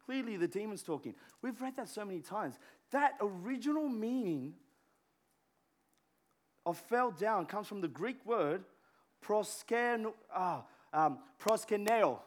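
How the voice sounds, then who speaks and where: A pastor preaching a sermon in a conversational way, full of fillers and restarts, dropping to a hush and rising to a shout. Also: male voice, high voice, animated, unhurried. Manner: conversational, many filler words and restarts, swings from hushed to shouting.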